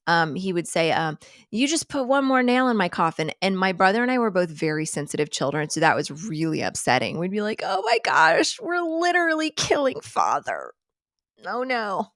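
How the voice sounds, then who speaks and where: A woman's voice: lowish voice, a bit bright, dry recording, clean studio sound. A woman hosting a casual live coffee chat, rambling and self-deprecating, joking and laughing often.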